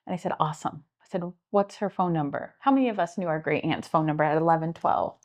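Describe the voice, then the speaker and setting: A woman's voice: sits low, fast. Earnest Midwestern woman telling a story. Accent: Midwestern American. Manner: earnest, animated retelling with acted-out quotes. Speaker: guest, homeless services director. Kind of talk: interview storytelling.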